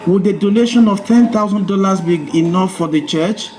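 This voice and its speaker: A man's voice: high-pitched, normal speed, darkish tone, a little hiss or hum, lightly acted. A man voicing a young man in a joke who politely begs a bishop for a favor. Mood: pleading. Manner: polite, pleading. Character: pleading young man with a dead dog.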